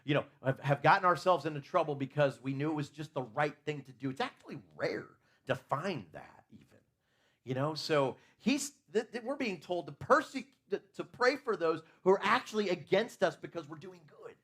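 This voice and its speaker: A man's voice: fairly high pitch, lively intonation, normal speed, fairly bright tone, slightly rough. A man preaching a conversational sermon in a church, asking his listeners questions and talking openly about his own faults.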